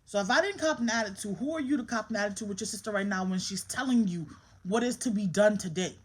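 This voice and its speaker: A mother in her thirties, emotionally strained, talks candidly to the camera in a vlog, venting about her troubles and firmly scolding her child. Her mid-range voice moves at a quick pace, and the low-quality recording carries a little hiss or hum.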